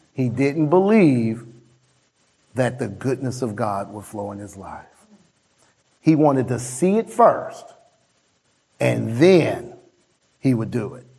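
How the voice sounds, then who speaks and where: A man preaching a sermon as pastor, emphatic, slowing down on key phrases and swinging high for emphasis. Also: a little mellow, husky.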